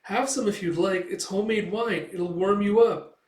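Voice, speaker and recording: A man voicing a gentle, shy young woman who speaks softly and timidly. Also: high voice, moderate pace, voice pushed up, close to an everyday voice. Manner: soft, timid. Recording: echoey room, distant mic.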